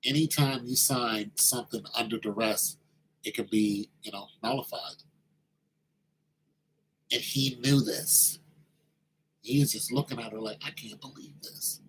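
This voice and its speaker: A man telling a story in a casual monologue, animated and slangy, acting out the quoted voices. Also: medium pitch, a little slow, long pauses, slight background noise, low-quality recording.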